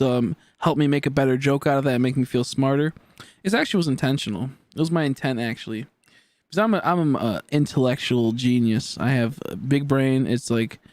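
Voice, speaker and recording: A man's voice: medium pitch, darkish tone, no echo. A man in his twenties chatting casually on a game live stream, rambling and joking as he answers chat aloud. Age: 20s.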